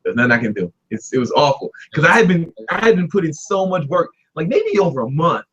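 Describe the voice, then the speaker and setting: A young man telling a story in casual talk, animated and laughing, doing voices for the people in it. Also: on the high side, a little fast, slightly rough, dull audio. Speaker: guest storyteller.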